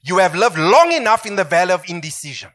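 A man's voice: high voice, big pitch swings, fast, fairly bright tone. A middle-aged man preaching a sermon as pastor, emphatic and swooping, calling for amens.

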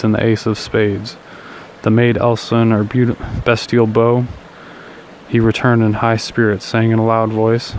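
A man reading a literary short story aloud in a low, very flat voice. His pace is measured and even, with small slips now and then. Faint noise runs underneath. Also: poor audio. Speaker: audiobook reader.

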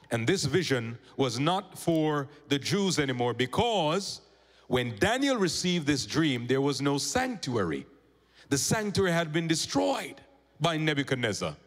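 A male pastor preaching a sermon, telling a story and calling on the congregation for amens, rising loud then dropping low. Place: church sanctuary. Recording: church hall reverb.

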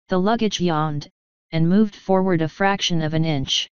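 A woman narrating an audiobook in a steady, even storytelling manner. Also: fairly low pitch, normal speed, clear, resonant tone, no echo, dull audio. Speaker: audiobook reader. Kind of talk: scripted narration.

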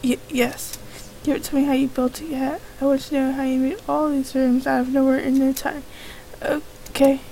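A woman's voice: high-pitched, little pitch movement, normal speed, warm tone, slight background noise, rough recording. A woman playing a game on video, reading the characters' lines aloud in her own voice and breaking in with her own reactions. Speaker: let's play gamer.

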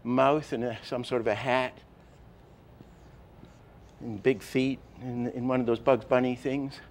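An older man gives an animation lesson in a mid-range voice. He tells lively stories from his work, often breaks off to act out a line, and restarts his sentences as he goes. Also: mid-range voice, unhurried. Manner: lively storyteller, acts out lines, many restarts. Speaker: animation teacher. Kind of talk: lecture with acted-out examples.

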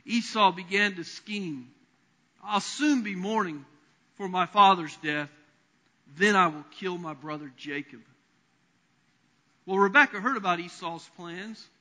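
Guy preaching in a big echoey church, high bright voice, tells the story with lots of life. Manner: animated storytelling preacher, voices Bible figures. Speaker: pastor. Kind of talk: sermon. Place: church sanctuary. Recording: long reverb of a church hall.

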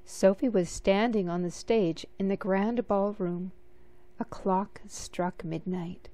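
A storybook reader, a woman with a medium-pitched voice, reads a children's picture book aloud slowly and expressively.

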